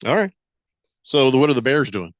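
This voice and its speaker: A man's voice: mid-range voice, sing-song, brisk, dry recording. A man hosting a sports radio show, chatting casually with dry, playful humor and reading listener texts aloud.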